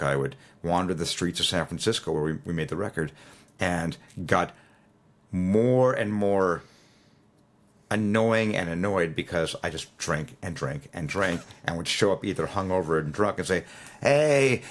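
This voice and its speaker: A man in his sixties, a musician guest, telling stories in an interview, animated and acting out quoted lines. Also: sits low. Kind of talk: storytelling interview.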